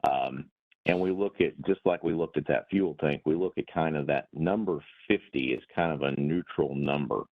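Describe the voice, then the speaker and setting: A man's voice: a bass voice, normal speed. A man hosting a market webinar, explaining indicators in a folksy way with sports comparisons and frequent repeated words. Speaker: meeting host. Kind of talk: webinar discussion. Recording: tinny phone-like line.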